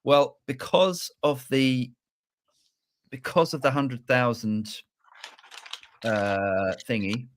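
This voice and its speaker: Bloke rambling on a live chat show, mid pitch, lots of restarts. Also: male voice, steady tone, slow pace, long pauses. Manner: rambling, many restarts and fillers. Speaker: co-host.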